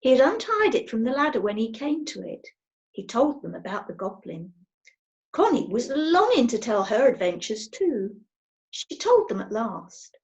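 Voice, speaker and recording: A woman reading a children's storybook aloud in an expressive storytelling manner. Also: a little high, moderate pace. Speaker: storybook reader.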